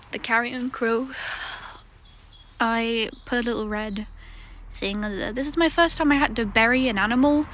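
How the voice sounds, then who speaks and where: Rambling woman, higher voice. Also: a little hiss or hum. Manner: rambling, many fillers and restarts. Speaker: vlogger. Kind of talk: casual storytelling to camera.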